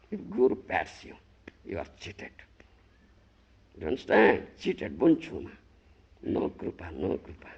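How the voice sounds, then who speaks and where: Gravelly man lecturing on dull old tape. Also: huge pitch swings, a little slow, long pauses. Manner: emphatic, swings from loud scolding to low murmur, repeats "You understand?". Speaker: guru giving a scripture lecture. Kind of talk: sermon.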